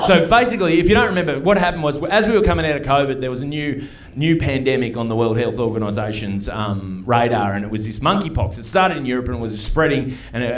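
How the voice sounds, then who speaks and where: A middle-aged man with an Australian accent, performing a stand-up comedy set in a club and telling chatty, punchy stories with quick mock voices. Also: medium pitch. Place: comedy club stage before a live audience.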